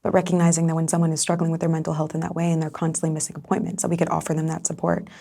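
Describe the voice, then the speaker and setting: A woman's voice: low voice, completely flat delivery, rapid-fire, vocal fry, warm tone. A woman hosting a podcast, thoughtfully summarizing and affirming her guest's points. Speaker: podcast host. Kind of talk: reflective conversation.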